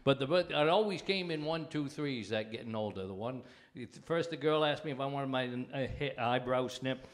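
An older man with a mid-pitched voice chats in a comedy studio. He rambles and stops to restart his sentences. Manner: rambling, halting, many restarts. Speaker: comedian guest. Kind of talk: casual comedy chat. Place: TV studio with live audience.

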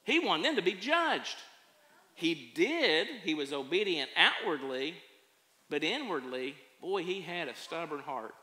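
A man who preaches a sermon as a pastor, telling stories with folksy humor and animated delivery. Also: on the high side, a little slow. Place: church sanctuary. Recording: echoey church sanctuary.

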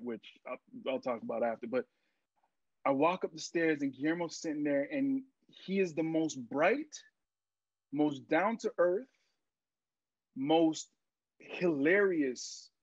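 Young guy on a podcast telling stories, voice a bit high, dry muffled mic, lots of "you know what i mean". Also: no room sound. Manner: animated storyteller, acts out quotes, many fillers. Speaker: actor, podcast guest. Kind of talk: casual interview storytelling.

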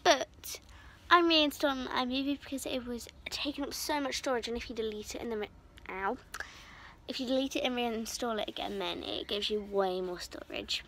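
A woman's voice: fairly high pitch, normal speed, pushed and bright, slight background noise. A schoolgirl in her early teens, chatting playfully to her phone camera at home. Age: young teen. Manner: chatty, playful, talks to her pets in a silly voice. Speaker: vlogger. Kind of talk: casual vlog chat. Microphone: phone camera held close.

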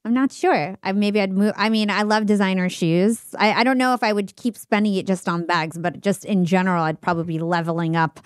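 A woman's voice: medium pitch, fairly even intonation, brisk, few pauses, dry recording, studio quality. A woman hosting a podcast, chatting candidly and often stopping to restart her thoughts. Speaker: podcast host. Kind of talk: casual podcast conversation.

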